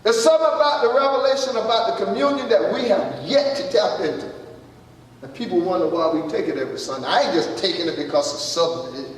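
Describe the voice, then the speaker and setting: A male pastor preaches in a high voice, talking to the congregation in a folksy, conversational way and asking them questions. He is recorded from far off, and his voice rings through a big echoey church hall over a faint hum of the room. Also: quick pace. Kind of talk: sermon.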